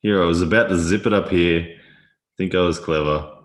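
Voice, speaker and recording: Casual live-stream host, male, extremely low voice, loose and laughing, roomy echo on the mic. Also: moderate pace. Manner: chatty, laughs often, reads viewer comments aloud. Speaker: livestream host. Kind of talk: casual live-stream chat while playing chess.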